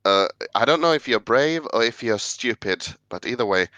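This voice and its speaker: A man voicing a smooth, friendly male half-elf who talks in a folksy, soothing way and calls people friend. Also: medium pitch, lively intonation, normal speed, bright, forceful tone, no echo, dull audio.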